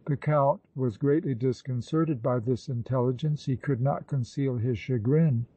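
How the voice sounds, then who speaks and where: Male audiobook narrator, measured, mellow dark tone. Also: mid-range voice, breathy edge, dry recording, recorded from a distance, dull audio. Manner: measured, even reading. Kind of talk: scripted narration.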